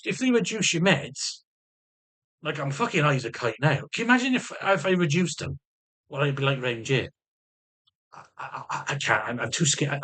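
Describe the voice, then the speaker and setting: A man's voice: mid-range voice, a bit bright, slightly rough. A man in a casual video diary, rambling emotionally, swearing heavily and stammering through restarts. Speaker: vlogger.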